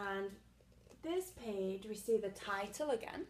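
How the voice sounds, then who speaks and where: A young woman teaching small children to read, talking slowly and patiently and checking in often. Her voice sits a little high, and now and then she claps out syllables or half-whispers a word. A faint room hum runs underneath. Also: animated, a little mellow. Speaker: reading teacher. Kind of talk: early literacy read-aloud lesson.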